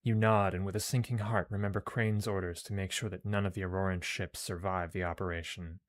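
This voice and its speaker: A man with a very low voice streams a space game. He jokes and swears to himself while reading the story text aloud in a loose, casual way. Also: level tone, a little fast. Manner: joking, profane, talks to himself.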